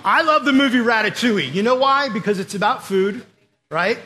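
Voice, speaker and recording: A young man delivers a conversational sermon, full of asides to the crowd and quick quoted voices. His voice sits high for a man and carries a lot of energy. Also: lively intonation, pushed and bright. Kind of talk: casual sermon with storytelling.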